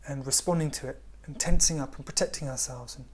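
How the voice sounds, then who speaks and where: Gentle, hushed man teaching. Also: medium pitch, husky. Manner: gentle, unhurried, often drops to a hush. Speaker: spiritual teacher. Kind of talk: spiritual talk.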